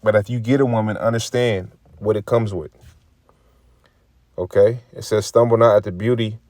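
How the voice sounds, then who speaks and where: A man with a fairly low voice gives casual religious commentary, reading scripture and riffing on it in a preachy, profane way. He repeats phrases and acts out quoted remarks. The recording is dry and close. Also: steady tone, moderate pace, darkish tone, no echo.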